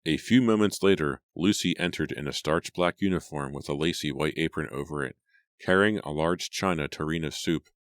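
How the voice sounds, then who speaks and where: Very deep male audiobook narrator. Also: normal speed, no echo, clean studio sound. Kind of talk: scripted narration.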